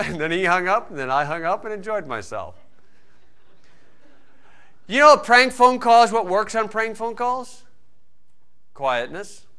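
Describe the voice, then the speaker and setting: A man preaching a sermon in a folksy storytelling way, swinging between loud emphasis and quiet asides. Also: high-pitched.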